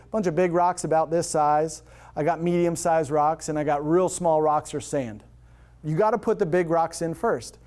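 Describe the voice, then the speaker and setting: Energetic high-voiced male motivational speaker. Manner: energetic, repetitive, urges audience to repeat after him. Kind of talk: motivational talk with faith references.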